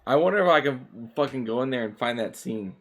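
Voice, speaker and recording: A man's voice: medium pitch, lively intonation, fairly quick. A man streaming a game, chatting casually and rambling, with lots of swearing, fillers and restarts. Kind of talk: casual chat while gaming.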